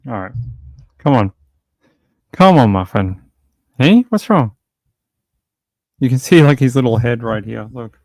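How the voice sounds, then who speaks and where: A man's voice: mid-range voice, normal speed, gravelly, pauses often, darkish tone, dry recording. Guy rambling on his true crime live stream at home, lots of ums and likes, dry close sound. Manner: rambling, loose talk full of fillers. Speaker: true crime livestream host. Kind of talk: casual livestream chat.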